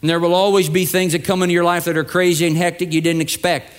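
A man's voice: high-pitched, little pitch movement, quick pace. A male pastor preaching a sermon, telling stories and acting out the voices of the people in them. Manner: storytelling with acted-out voices, building to emphatic peaks.

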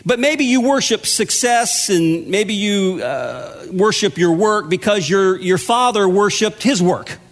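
A man's voice: sits high, expressive, a little slow, few pauses. A pastor delivering a sermon in a conversational, storytelling way, with humor at his own expense. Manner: conversational, self-deprecating storytelling.

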